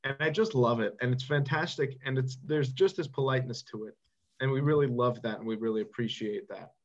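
A man co-hosting a podcast in deadpan comedic chat, rambling earnestly as he plays along with the joke. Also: mid-range voice, brisk, lo-fi sound. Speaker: podcast co-host.

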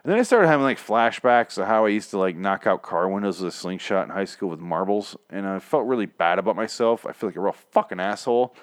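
A man's voice: lowish voice, lively intonation, fast, few pauses, no room sound, clean studio sound. A man running a solo podcast, recapping a TV episode in a rambling, profane, self-mocking way.

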